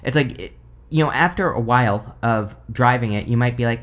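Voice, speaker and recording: A young man talks through a tarot spread in a loose, excited ramble. He thinks out loud and leans on lots of fillers and restarts. His voice sits at an ordinary middle pitch. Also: moderate pace. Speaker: tarot reader. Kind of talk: casual tarot reading to camera.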